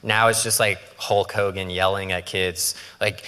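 Bright-voiced preacher in a reverberant hall. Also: male voice, low voice, flat delivery, measured pace, clear, resonant tone. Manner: conversational, joking, acts out quoted voices. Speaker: pastor. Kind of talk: sermon. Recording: long reverb of a large hall.

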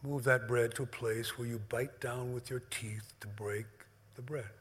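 A man preaching and leading communion, swinging from loud emphasis to hushed, near-whispered words. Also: mid-range voice, steady tone, unhurried, breathy edge. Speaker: pastor. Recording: long hall reverb.

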